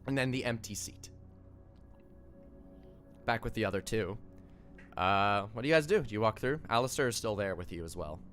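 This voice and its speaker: A young man narrating a tabletop game as dungeon master, animated and laughing, with halting fillers. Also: on the low side, soft background music.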